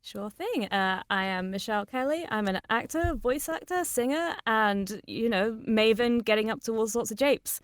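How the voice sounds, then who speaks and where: A woman's voice: on the high side, lively intonation, moderate pace, few pauses, dry recording. A British woman, a voice actor, chatting and role-playing a character as a player in a tabletop game. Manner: chatty, laughs often. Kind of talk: in-character play and chat.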